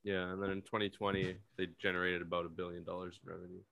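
Young male co-host, low voice, blunt and profane, ranting between reading stats. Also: monotone, quick pace, gravelly, a little hiss or hum. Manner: profane, loud outbursts, reads figures off a screen. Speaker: podcast co-host. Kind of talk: casual chat.

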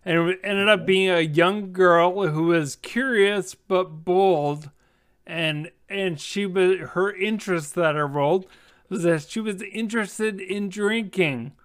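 A man's voice: high-pitched, slow, clean tone. A man in his forties hosting a casual chat, asking long questions. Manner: asks questions at length.

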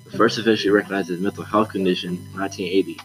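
Man, student podcast, scripted research reading, steady read-aloud delivery, music behind. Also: low voice, racing, rough recording. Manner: reads steadily from a prepared script.

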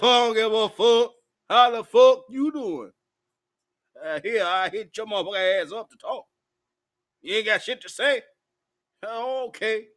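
A drunk man with a high voice rambles through a profane, combative rant. His speech is loose and hiccuping as he vents straight at the camera. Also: a bit bright. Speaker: vlogger. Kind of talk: drunken ranting monologue.

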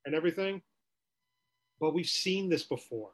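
A man's voice: a little high, expressive, normal speed. A man co-hosting a sports podcast, ranting with rhetorical questions in casual talk.

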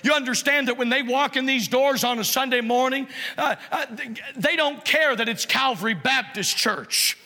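A man delivers a fervent sermon, his voice sitting very high and ringing bright. He presses his points hard and climbs into shouts. A long church reverb trails behind him. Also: moderate pace, hardly any pauses. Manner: impassioned preaching, rising to shouts. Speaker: pastor. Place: church sanctuary.

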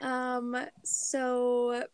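Squeaky, expressive young woman. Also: extremely slow, smooth, dry recording. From Midwest US. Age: 20s. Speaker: podcast co-host. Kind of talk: casual chat.

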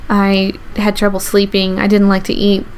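A woman's voice: mid-range voice, completely flat delivery, a little hiss or hum. Earnest woman telling a true story. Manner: earnest, halting delivery with restarts. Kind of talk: first-person true story told to an audience.

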